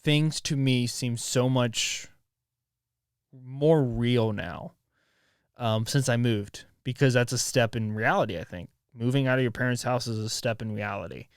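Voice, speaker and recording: Candid young man with a smooth voice. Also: mid-range voice, unhurried, dry recording, clean studio sound. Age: 20s. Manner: rambling and raw, with restarts and swearing. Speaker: podcast host. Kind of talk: candid solo podcast monologue.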